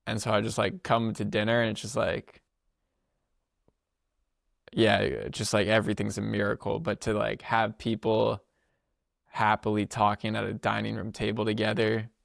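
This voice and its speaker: A young man with a low, gravelly voice tells a story on his podcast in a loose, rambling way, with plenty of slang and quick laughs. The sound is close and dry. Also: monotone, dry recording. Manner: rambling, laughs often, filler-heavy slangy speech. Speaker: podcast co-host. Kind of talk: casual storytelling chat.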